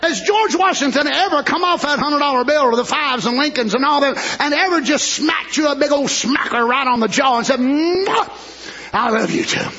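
A man preaching a sermon with fervor, climbing into shouted, rhythmic declarations and acting out voices of people in the story. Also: a little fast, hardly any pauses, muffled recording. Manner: high, bright preaching voice, rising to shouted fervor.

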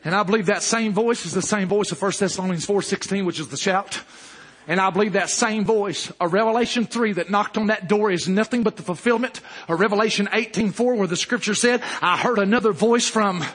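A male preacher delivering a fervent sermon, rising to shouts and dropping low again. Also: fairly quick, breathy edge.

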